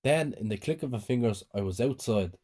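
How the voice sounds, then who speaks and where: A man calmly narrating a scripted first-person horror story. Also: medium pitch, brisk.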